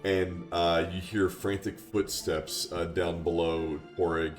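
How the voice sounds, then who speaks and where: A man narrating a tabletop game as game master, relaxed and filling pauses with "uh". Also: deep voice, echoey room, faint music behind. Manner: relaxed, with frequent "uh" fillers.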